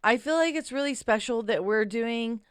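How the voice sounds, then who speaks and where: A woman's voice: a little high, moderate pace, clear, resonant tone, no echo, clean studio sound. Chatty young woman who laughs often. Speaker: podcast co-host. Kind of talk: casual chat.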